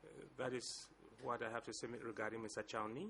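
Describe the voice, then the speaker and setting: A male lawyer, addressing a courtroom slowly and formally with some hesitations. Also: mid-range voice, level tone, pushed and bright, a little hiss or hum. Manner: deliberate, measured speech with hesitations. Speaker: lead co-lawyer for civil parties.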